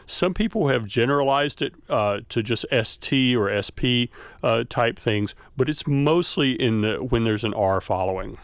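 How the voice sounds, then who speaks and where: Male academic guest, halting explanatory delivery, dry close sound. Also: medium pitch, animated, no echo. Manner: explanatory, many filler "uh"s. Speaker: linguistics professor, studio guest. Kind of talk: expert explaining on radio.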